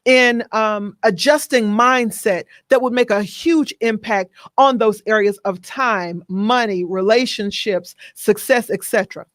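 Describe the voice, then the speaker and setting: A woman's voice: fairly high pitch, measured pace, few pauses, dry recording, studio quality. A woman hosting a business interview, asking questions and backing her guest with short affirmations. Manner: encouraging, many short affirming "mm-hmm"s. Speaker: host.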